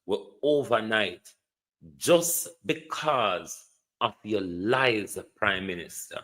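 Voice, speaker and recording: A man's voice: lowish voice, lively intonation, takes it slowly, fairly bright tone, poor audio. A Jamaican man hosting a livestream, delivering a scornful, emphatic political rant and repeating his insults. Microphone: streaming setup.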